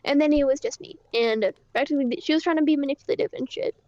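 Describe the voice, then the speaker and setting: A woman voicing a high-pitched young roleplay character who rambles through her story, halting and swearing. Her voice sits dry and close, with a slightly dull, lo-fi tone. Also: darkish tone, no room sound, natural voice. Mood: agitated. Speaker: roleplay character recounting events. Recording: dull lo-fi mic.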